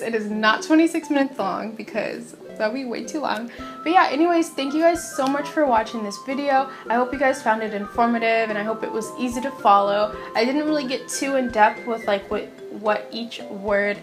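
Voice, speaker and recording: A young woman at home giving a casual phrase lesson, chatty and giggly, saying each phrase slowly and repeating it. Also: a little high, soft background music. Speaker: language teacher vlogger. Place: warm room at home.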